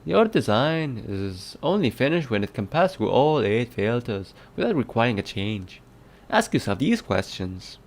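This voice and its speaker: A man's voice: mid-range voice, big pitch swings, a little slow. A man reading design prompts aloud in a put-on Irish accent, in a playful, sing-song way.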